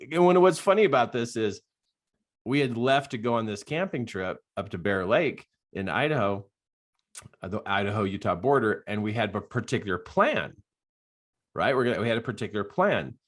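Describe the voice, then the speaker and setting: An older man, a life coach, telling stories in an animated podcast monologue and laughing often. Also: mid-range voice, measured pace.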